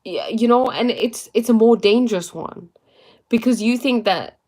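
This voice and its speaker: A woman's voice: a little high, moderate pace, a little mellow. A young woman casually giving spiritual and motivational talk to live viewers, chatty and full of fillers. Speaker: livestream host.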